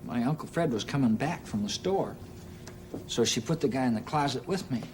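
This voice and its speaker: A man telling a comic anecdote on stage in an unhurried, halting way with plenty of "uh"s. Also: mid-range voice, expressive, noisy background. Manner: unhurried, halting delivery with many "uh"s. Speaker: stand-up storyteller. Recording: live audience laughter and band music.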